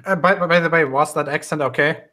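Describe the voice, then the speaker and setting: A man's voice: fairly high pitch, fairly quick, sharp tone. A man hosting a casual call, often stumbling and restarting his sentences. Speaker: host.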